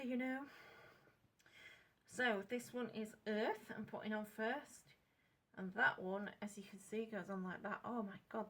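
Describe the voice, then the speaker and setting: A woman's voice: mid-range voice, measured pace, pauses often, fairly bright tone. An English woman chatting casually and unscripted in a craft vlog, rambling, correcting herself and apologising as she goes. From England. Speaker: craft vlogger.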